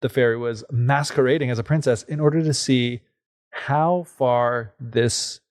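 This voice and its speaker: A man's voice: medium pitch, measured pace, dry recording, studio quality. A man co-hosting a podcast who retells a fairy tale in a loose, chatty way with lots of fillers. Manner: loose and chatty, with many fillers, putting on voices for the characters. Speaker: podcast co-host.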